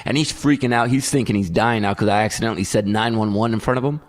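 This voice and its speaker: A man co-hosting a casual podcast. He speaks in a lowish voice and tells his story with lively energy, throwing himself into what each person said. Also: quick pace. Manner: animated storyteller who acts out quotes. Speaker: podcast co-host. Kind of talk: casual chat.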